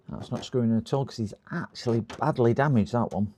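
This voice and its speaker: A man's voice: medium pitch, animated, moderate pace, hardly any pauses, mellow, a little hiss or hum. A man talking casually on a livestream while repairing a PC, muttering to himself as he works. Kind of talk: casual live commentary while working.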